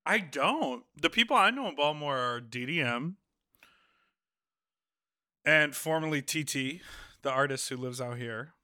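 A man's voice: fairly high pitch, animated, a little slow, long pauses, sharp tone, clear, resonant tone, no room sound, studio quality. A man with a Midwestern accent co-hosting a podcast, playful and giggly in casual banter. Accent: Midwestern American. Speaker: podcast co-host.

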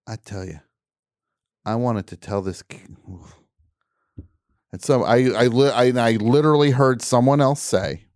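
A man's voice: mid-range voice, unhurried, pauses often, darkish tone, no echo, studio quality. A man hosting a call-in radio show, telling a comic story in an exasperated, grumbling rant full of mock outrage.

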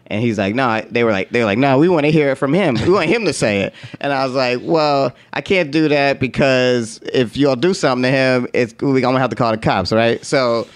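A man's voice: mid-range voice, brisk, hardly any pauses. A man telling a workplace story in casual conversation, laughing often and acting out what others said in slangy, profane talk. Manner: animated, laughs often, acts out quotes.

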